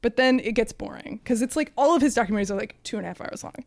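A woman co-hosting a casual film podcast, talking in an animated, sardonic way and mimicking people she quotes. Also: on the high side, rapid-fire, dry recording, studio quality. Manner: animated, mocking quotes in a raised voice. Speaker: podcast co-host.

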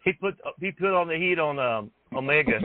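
A man hosting a casual chat, laughing often and reacting with excitement. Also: fairly high pitch, normal speed. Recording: dry phone-like line.

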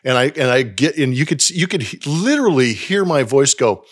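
A man in his forties, co-hosting a podcast, telling home stories in a lively, animated way. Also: mid-range voice, fast, few pauses, husky. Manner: animated storyteller, acts out his daughters' voices. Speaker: podcast co-host. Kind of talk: casual chat.

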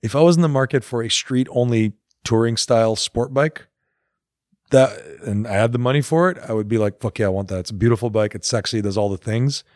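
A man's voice: medium pitch, fairly quick, darkish tone, no room sound, clean studio sound. A man co-hosting a casual motorcycle chat, laid-back and jokey. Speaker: podcast co-host.

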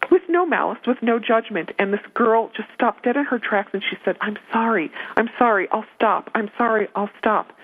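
Earnest woman giving advice over a phone line. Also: medium pitch. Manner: earnest, emphatic, repeats key points. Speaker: parenting advice guest. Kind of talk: advice on a talk show. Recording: narrow phone-line sound.

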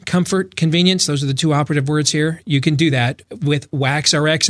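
A man's voice: a little high, bright, forceful tone. A male host with a slightly raised voice reads a sponsor ad. He sounds loose and chatty, and he drops fillers as he goes. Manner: casual, conversational ad read with fillers. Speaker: radio show host. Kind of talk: host-read advertisement.

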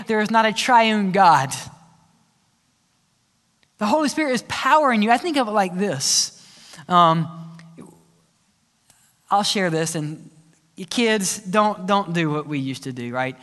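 A man preaching a sermon as pastor, telling stories in a lively way, with playful sound effects and asides. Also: high voice, normal speed, long pauses. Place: church sanctuary. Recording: church hall reverb.

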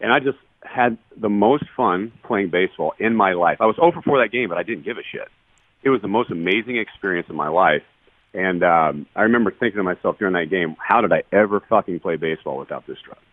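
A man in his forties speaks quickly in a very low voice, blunt and profane but earnest as he tells his story. The sound is dry and thin, squeezed through a narrow phone-like line. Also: dry recording. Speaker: guest, retired baseball player. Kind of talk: candid podcast storytelling.

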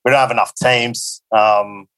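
Australian man, relaxed guest, hesitant ums, dry close sound. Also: medium pitch, unhurried, clean tone, no room sound. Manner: easygoing, hesitant, with many ums.

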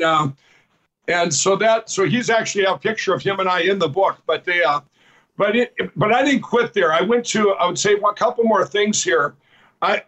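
A man with a notably high voice tells his life story as an interview guest. He rambles earnestly, retelling old conversations line by line with a string of "I said"s, and now and then laughs at himself. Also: fairly bright tone, poor audio. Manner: rambling, repeats "I said" while retelling dialogue. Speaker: guest telling his testimony. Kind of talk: personal storytelling.

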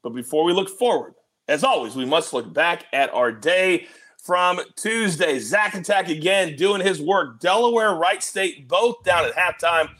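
A man hosting a sports betting show, animated and joking as he teases his guests. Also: high voice, unhurried.

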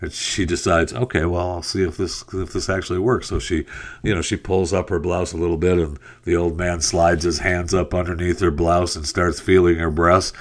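A man's voice: sits low, moderate pace. A man hosting a radio talk show, chatting casually and telling a joke with lots of fillers. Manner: relaxed, rambling, frequent fillers.

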